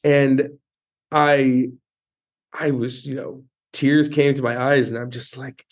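A man's voice: medium pitch, flat delivery, slow pace, pauses often. A man hosting an interview podcast, telling a personal story in a casual way with many restarts. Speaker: podcast host.

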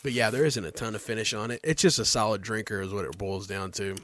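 A man's voice: fairly low pitch, steady tone, quick pace, fairly bright tone, no room sound. A man co-hosting a casual whiskey tasting chat, explaining terms in a plain, knowledgeable way. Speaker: whiskey reviewer co-host.

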